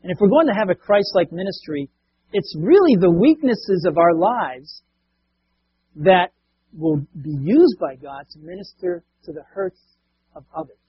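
A man's voice: sits high, very animated, a little slow, husky, no room sound, dull audio. A man preaching a sermon as a pastor, talking conversationally and often asking the congregation rhetorical questions.

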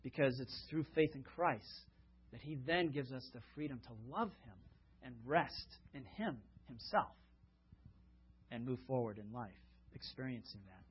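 A man's voice: medium pitch, measured pace, slightly rough. A man preaching a sermon in a conversational way, with fillers, stories and rhetorical questions, on a dull lo-fi recording. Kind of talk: sermon with storytelling.

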